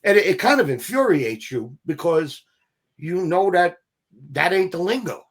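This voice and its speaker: An energetic middle-aged actor, a guest in a relaxed interview, tells stories at normal speed in a voice a little high for a man. He swears casually and slips into the voices of the people he quotes.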